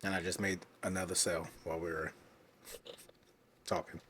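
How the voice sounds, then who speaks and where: A man's voice: low voice, level tone, moderate pace, a bit bright, a little hiss or hum. A man co-hosting a podcast in casual, laid-back, joking chat. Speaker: podcast co-host.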